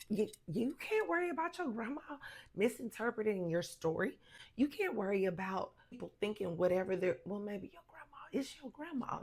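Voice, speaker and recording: A woman vlogger giving blunt, sassy advice in a casual monologue, jumping up in pitch for emphasis and dropping to a slow, quiet calm to make a point.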